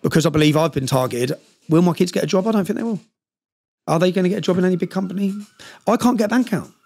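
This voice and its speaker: A man's voice: sits high, gravelly, darkish tone. A middle-aged man, intensely telling his life story as a podcast guest, rambling with many restarts. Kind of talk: emotional personal storytelling.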